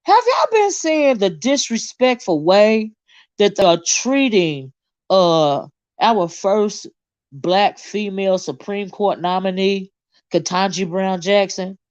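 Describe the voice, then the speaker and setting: A woman's voice: medium pitch, slow pace, no room sound, dull audio. A woman, hosting a casual livestream, reading viewer comments and ranting with lots of swearing. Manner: animated, indignant, swears freely, reads chat aloud. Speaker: livestream host.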